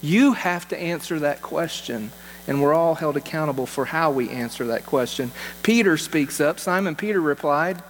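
A man's voice: on the high side, moderate pace. A man, a pastor, preaching a sermon in an earnest way, repeating key phrases for emphasis. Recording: long hall reverb with faint mains hum.

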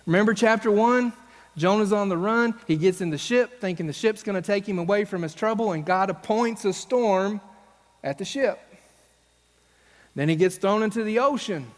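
A man's voice: sits high, moderate pace, long reverb tail. A male pastor preaching a sermon on stage, telling stories and acting out the voices of the people in them. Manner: storytelling, acts out quoted voices. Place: church stage.

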